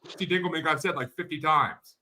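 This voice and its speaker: Excitable, foul-mouthed man in casual chat. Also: fairly high pitch, a little fast. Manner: excitable, swears a lot, laughs while retelling scenes. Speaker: podcast guest.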